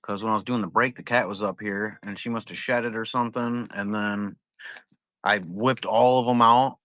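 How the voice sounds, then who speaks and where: Bright-sounding dude rambling on his card stream, swears a lot, dry close sound. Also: on the low side, fairly even intonation, moderate pace, no room sound. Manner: rambling, profane, laid-back. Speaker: trading card break seller. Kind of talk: casual livestream chat.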